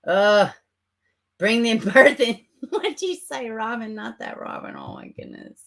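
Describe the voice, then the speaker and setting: A woman's voice: on the high side, unhurried, vocal fry. A woman hosting a casual livestream, reading chat comments. She talks sarcastically and swears a lot, close to her camera at home. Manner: sarcastic, animated, swears and laughs often. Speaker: livestream host. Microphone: camera mic.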